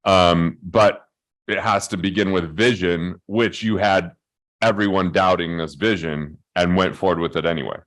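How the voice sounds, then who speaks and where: A man's voice: low voice, fairly even intonation, moderate pace, fairly bright tone. A man in his forties hosting an interview, musing thoughtfully on the guest's story. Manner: reflective, musing. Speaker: host. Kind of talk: interview conversation.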